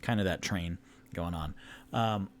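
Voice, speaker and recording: A man's voice: sits low, unhurried. A man narrating a solo tabletop game as game master, rambling with many fillers and restarts. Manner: rambling, filler-heavy, lively.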